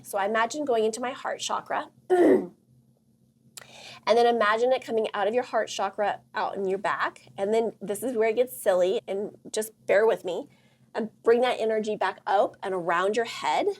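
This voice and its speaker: A middle-aged woman hosting a motivational workshop talk, chatty and excitable with lots of fillers and a husky voice. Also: fairly high pitch, moderate pace. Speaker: host and counselor.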